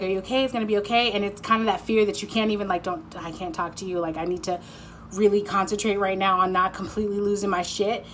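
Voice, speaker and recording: A woman giving a spontaneous, intuitive card reading, excitable and rambling, often breaking off mid-sentence and apologizing. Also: medium pitch, slight background noise, low-quality recording. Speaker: tarot card reader.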